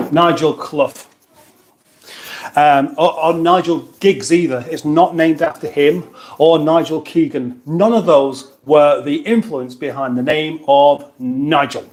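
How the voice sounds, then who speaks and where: A man's voice: a little high, a little mellow. Rambling British man hosting a livestream. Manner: rambling, chatty, with many restarts and asides. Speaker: livestream host. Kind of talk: casual livestream chat reading out viewer comments.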